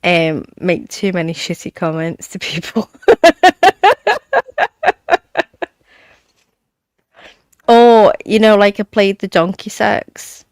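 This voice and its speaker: A woman guest on a talk panel, blunt and chatty, laughing as she talks. Her voice has a middle pitch. The sound is close and dry, with no room around it. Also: unhurried, hardly any pauses, darkish tone, smooth, no echo. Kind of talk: casual chat.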